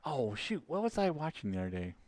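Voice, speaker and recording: A man's voice: a little high, big pitch swings, quick pace, a little mellow, dry recording. A man streaming, chatting casually with viewers, rambling and laughing often as he loses his train of thought. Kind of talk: casual livestream chat with viewers.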